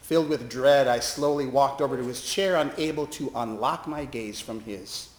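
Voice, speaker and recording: A man's voice: medium pitch, normal speed, reverberant. A man, a chaplain, telling a personal story as a monologue with wry, self-deprecating humor. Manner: self-deprecating, wry, lively delivery with laughs.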